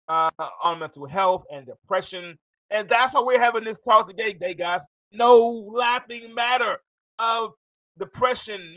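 A man hosting a live interview show, animated and quick to laugh, talking to his audience. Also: high voice, dry recording, rough recording. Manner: animated, excitable, laughs often. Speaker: host.

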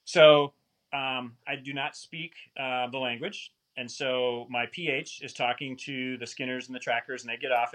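Male guest storyteller, middle pitch, bright tone, animated and self-deprecating. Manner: animated, rambling, self-mocking. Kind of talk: casual storytelling.

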